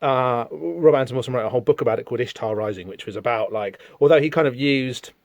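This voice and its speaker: A man's voice: medium pitch, fast, darkish tone, no echo, lo-fi sound. A man hosting a casual podcast about comics. He talks in a rambling, enthusiastic way with lots of fillers. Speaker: podcast host.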